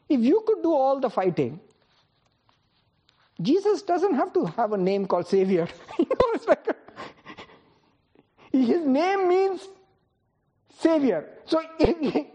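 A woman's voice: high voice, very animated, slow pace, long pauses, dark tone. A woman preaching a sermon, firing rhetorical questions at the congregation, calling on people by name and laughing often between points.

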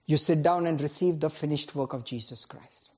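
A woman's voice: sits low, normal speed, background noise. A woman preaching a sermon, firing rhetorical questions at the congregation, calling on people by name and laughing often between points.

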